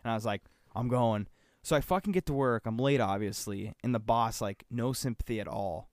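A young man tells a story in casual podcast chat, animated and full of swearing, and he acts out the voices of the people in it. His voice sits at an ordinary middle pitch. The sound is dry and close, with no room echo. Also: brisk. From Upper Peninsula of Michigan. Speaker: podcast co-host.

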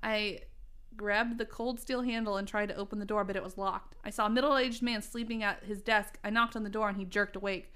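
A woman's voice: medium pitch, fairly even intonation, brisk, pushed and bright, clear, resonant tone. Woman laughing through reading her old story. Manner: laughing, self-mocking asides. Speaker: reader. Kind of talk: comedic reading of old teen fiction.

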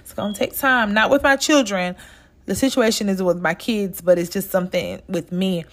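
A Southern American woman hosts a casual podcast monologue, chatty and direct, addressing her listeners straight on as "y'all." Her voice sits at medium pitch and moves at normal speed.

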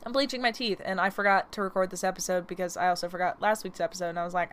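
A woman's voice: mid-range voice, brisk, slight background noise. A young woman hosting a podcast with a slight lisp from a retainer, telling stories in a chatty, rambling way and laughing often. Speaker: podcast host. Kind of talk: casual storytelling.

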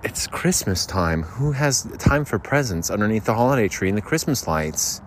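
A man rambling through improvised comedy skits outdoors at night by a road, lurching between loud outbursts and muttering. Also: on the low side, expressive, brisk. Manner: rambling, repetitive, erratic shifts between shouting and muttering. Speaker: podcaster. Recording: faint background noise outdoors.

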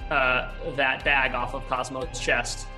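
A man's voice: medium pitch, level tone, slow pace, music in the background. A man narrating a tabletop role-playing game as game master, rambling with many fillers and restarts.

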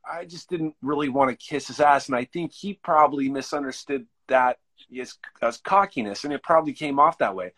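A man's voice: on the high side, a bit bright. A laid-back man hosting a casual chat who swears freely as he talks.

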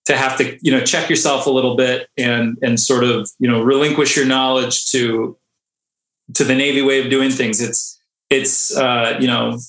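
A man who is a Navy diver, a podcast guest telling a story in a casual, animated way and often laughing. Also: medium pitch, moderate pace. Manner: animated, laughing, acts out quotes. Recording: echoey room.

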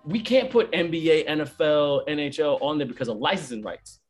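A man who hosts events and does comedy, telling stories in a casual chat, animated and full of slang. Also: fairly high pitch, soft background music. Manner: animated storyteller, fast slangy talk.

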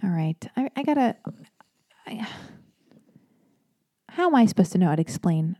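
A woman hosting a podcast alone, chatting casually in a rambling way with animated asides. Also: mid-range voice, normal speed, dry recording, studio quality. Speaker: podcast host. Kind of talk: casual solo podcast talk.

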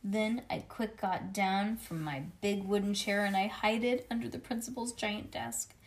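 A woman reading a children's book aloud in a lively way, breaking off now and then for playful asides. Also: mid-range voice, unhurried. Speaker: reader.

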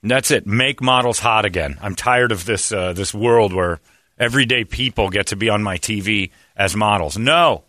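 A man's voice: fairly low pitch, normal speed, pushed and bright, no echo, studio quality. A man hosting a comedy podcast, ranting in a crude, sarcastic and emphatic way. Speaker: podcast host. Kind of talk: casual comedic rant.

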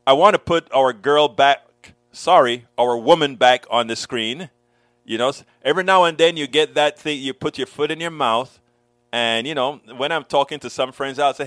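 Animated preachy male show host. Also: fairly high pitch, moderate pace, no echo, clean studio sound. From West Indian roots. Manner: animated, preachy, repeats words. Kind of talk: casual chat.

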